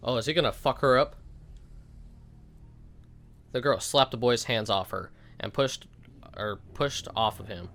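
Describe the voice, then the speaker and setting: A man's voice: medium pitch, unhurried, pauses often, fairly bright tone. A young man narrating a game's story aloud, reading the text in a casual way and breaking in with joking reactions. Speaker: let's play host.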